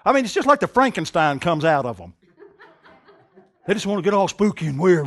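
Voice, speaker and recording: A male preacher giving an animated sermon, sarcastic and full of pointed rhetorical questions. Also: on the high side, a little fast.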